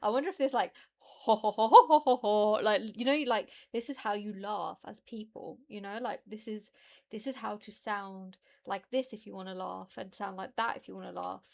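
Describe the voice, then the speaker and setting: A woman's voice: medium pitch, steady tone, fairly quick, creaky. A British woman streamer chatting casually and rambling, laughing often as she reacts to her chat.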